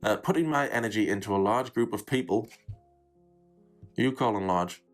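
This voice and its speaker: Sarcastic low-voiced man. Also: moderate pace, faint music behind. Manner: sarcastic, dry jokes. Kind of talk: casual reaction commentary.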